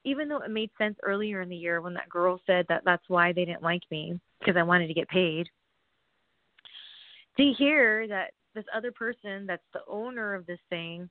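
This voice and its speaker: A woman telling a rambling story in a casual vlog, full of fillers and asides, dropping to hushed whispers and then bursting out. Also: fairly low pitch, moderate pace, dry recording. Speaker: wrestler. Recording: tinny phone-like, dry sound.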